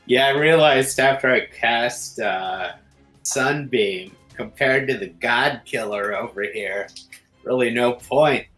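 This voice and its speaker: A man's voice: mid-range voice, takes it slowly, a bit bright. Man, tabletop game player, dry teasing humor, faint music behind. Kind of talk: casual chat at a tabletop game.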